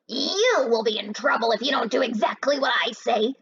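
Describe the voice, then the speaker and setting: A woman's voice: on the high side, animated, moderate pace, gravelly, a bit bright, husky, heavily acted. A woman voicing a bossy, boastful male hijacker who gives orders, in a slightly muffled lo-fi recording. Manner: commanding, boastful.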